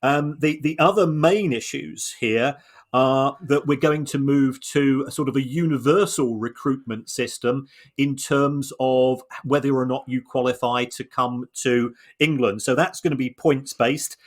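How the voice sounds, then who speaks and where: A man co-hosting a podcast, explaining points in a measured way with frequent restarts and repeated words. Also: mid-range voice. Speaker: podcast co-host. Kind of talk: conversational analysis.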